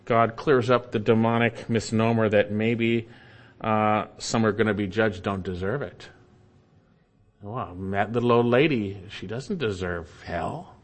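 Emphatic male preacher. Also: lowish voice. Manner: emphatic, rising and falling with emphasis. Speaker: pastor. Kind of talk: expository sermon.

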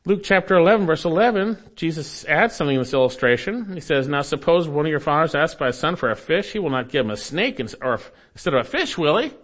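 A man's voice: on the high side, animated, fast talker, hardly any pauses, a bit bright. A man preaching a sermon to his congregation, reading scripture aloud and earnestly repeating his key phrases. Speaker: pastor.

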